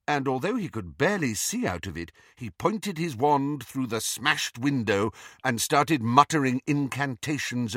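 A man reading a novel aloud in an expressive storytelling manner. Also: medium pitch, no room sound, studio quality. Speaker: narrator.

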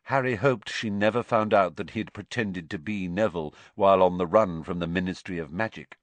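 Casting: male audiobook narrator, expressive, bone-dry studio read. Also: low voice, a little fast, no room sound. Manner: expressive storytelling. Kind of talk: scripted narration.

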